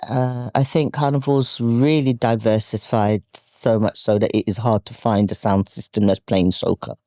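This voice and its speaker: A woman, a comic actress chatting as a podcast guest, playful and quick to laugh. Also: very deep voice, dry recording, studio quality. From London, England. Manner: playful, animated, laughs easily. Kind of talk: casual podcast chat.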